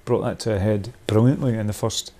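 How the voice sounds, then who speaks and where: A man's voice: lowish voice, fairly even intonation, brisk, warm tone. A man leading a workshop, thinking aloud in a rambling, discursive way, with many restarts, and laughing at his own points. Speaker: workshop leader.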